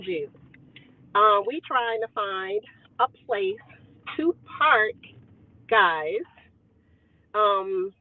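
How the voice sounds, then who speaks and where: Lively woman talking over a tinny headset. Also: medium pitch, no room sound. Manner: playful, greets viewers by name. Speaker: homestead channel host. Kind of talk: casual live-stream chat. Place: inside a car. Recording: tinny phone-like audio.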